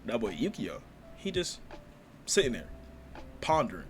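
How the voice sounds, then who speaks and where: A man giving casual, slangy reaction commentary on a manga chapter, excitable and quick to laugh. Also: mid-range voice, slight background noise.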